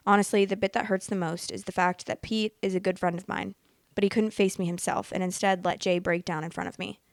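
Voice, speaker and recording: A woman in her late twenties hosting a podcast, chatting casually and reading posts aloud in a candid, excitable way, swearing freely. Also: mid-range voice, a little fast, dry recording, clean studio sound. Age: late 20s. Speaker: podcast host reading Reddit stories.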